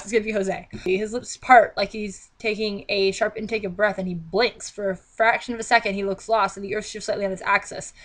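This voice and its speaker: A woman's voice: mid-range voice, fairly bright tone. A young woman reading a novel aloud and breaking off into sarcastic, exasperated commentary. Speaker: vlogger.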